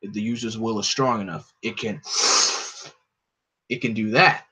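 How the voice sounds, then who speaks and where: A man doing a low, grim caped vigilante. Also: fairly even intonation, normal speed, bright, forceful tone, slightly rough. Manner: low, clipped, solemn commands. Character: grim gravelly male caped vigilante leader.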